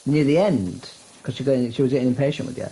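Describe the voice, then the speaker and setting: A man's voice: mid-range voice, animated, quick pace, warm tone, poor audio. A man chatting casually during a game, joking with dry sarcasm. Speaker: co-host guest. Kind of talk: casual chat while playing a game.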